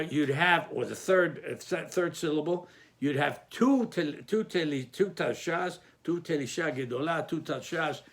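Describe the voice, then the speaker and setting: Man patiently explaining a lesson. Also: a little high. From Sephardic Jewish community. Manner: patient, repeats and restarts phrases, sings examples. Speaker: teacher.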